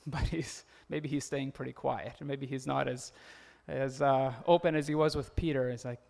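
Creaky-voiced man preaching casually. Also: medium pitch, normal speed. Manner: conversational, laughs often, acts out quotes. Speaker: pastor. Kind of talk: sermon.

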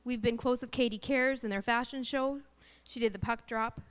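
A woman's voice: a little high, steady tone, normal speed, clean tone. A woman in her thirties, a mother telling her family's story as a personal faith testimony, in an earnest and emotional way.

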